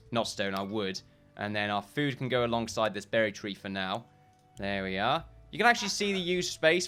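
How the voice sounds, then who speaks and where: A man's voice: medium pitch, fairly bright tone. A man giving casual gameplay commentary, rambling and correcting himself often, with short chuckles.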